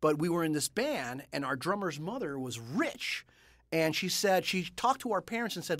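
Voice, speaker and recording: A high-voiced man tells stories with energy, acting out the people in them and tripping over his own restarts. He sounds close and dry, with no room echo. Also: normal speed. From California. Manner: animated, acts out voices, stammers on restarts. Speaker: guest. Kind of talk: storytelling in conversation.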